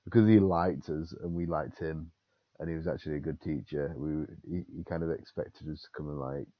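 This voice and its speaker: A young man co-hosting a casual chat, telling animated stories and acting out quotes. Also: extremely low pitch, brisk, no echo, muffled recording. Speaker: podcast co-host.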